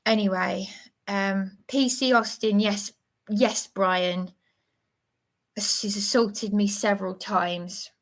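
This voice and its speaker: A woman's voice: mid-range voice, steady tone, slow pace. An agitated woman speaking in a rambling livestream monologue, often stammering and restarting her sentences.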